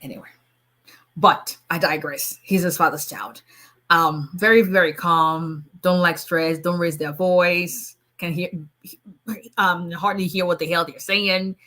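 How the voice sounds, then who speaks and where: A middle-aged Nigerian woman with a lowish voice, an immigration lawyer, chats casually on a live stream. She talks fast, is animated, and laughs often.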